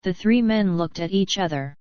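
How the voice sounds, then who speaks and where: A woman narrating an audiobook in a measured, even reading. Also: mid-range voice, smooth, dry recording, muffled recording.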